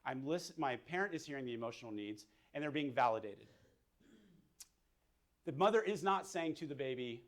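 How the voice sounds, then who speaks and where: A man's voice: mid-range voice, expressive, a little fast, pauses often. A man, a mental health counselor, giving a casual whiteboard lecture and thinking aloud as he draws.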